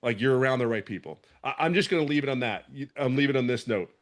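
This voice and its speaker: A man's voice: medium pitch, quick pace. A middle-aged man from the Philadelphia area, giving an emphatic, impassioned testimonial in casual talk, with frequent restarts. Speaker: program member giving a testimonial.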